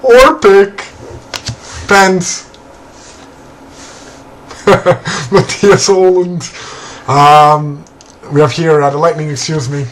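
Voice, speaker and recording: A man hosting a card break, calling out player names and teams in a relaxed, casual way and laughing now and then. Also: fairly high pitch, rough recording. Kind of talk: casual card-opening commentary.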